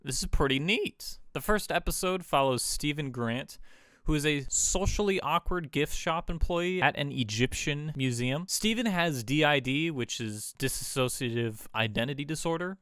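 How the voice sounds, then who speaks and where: Young male vlogger, offhand and jokey, smooth crisp voice, dry close mic. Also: medium pitch, fairly bright tone, no room sound. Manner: joking, offhand, self-correcting. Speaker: YouTube reviewer. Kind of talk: casual video review.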